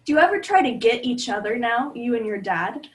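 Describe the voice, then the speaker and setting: A woman hosting an interview, speaking straight to viewers and explaining points clearly. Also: fairly high pitch, very animated, brisk. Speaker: interview host, body language trainer.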